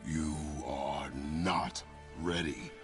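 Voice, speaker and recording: An actor playing a stern, grim warrior god and father who speaks in terse, commanding orders with a deep gravelly voice, in video game dialogue. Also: fairly even intonation, very slow, soft background music, exaggerated voice.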